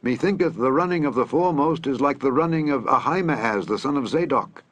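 A man voicing an alert gate watchman in a Bible reading. He calls out in a higher, husky voice. The sound is dry and close. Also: brisk, lightly acted.

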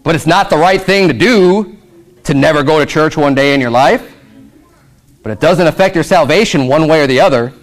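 High-voiced preaching man, emphatic. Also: brisk. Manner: preaching with rising, emphatic peaks and rhetorical questions; reads scripture aloud then explains in casual asides. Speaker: pastor. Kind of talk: sermon.

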